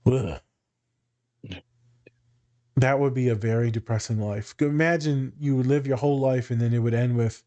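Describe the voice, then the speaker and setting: A man's voice: mid-range voice, steady tone, moderate pace, long pauses, warm tone. A man, a therapist and teacher, chatting casually and bluntly, swearing freely and using dry humor. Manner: candid, profane, dry humor. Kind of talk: casual podcast chat.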